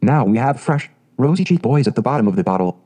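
A man reading the lines of a gloomy, chatty old peasant woman in a storybook, with a dark voice. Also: medium pitch, expressive, fast, breathy edge. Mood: glum.

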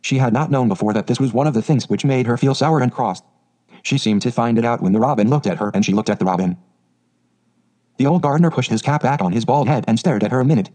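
A man reading a storybook aloud in a steady, even narrating voice. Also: mid-range voice, quick pace. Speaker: audiobook narrator.

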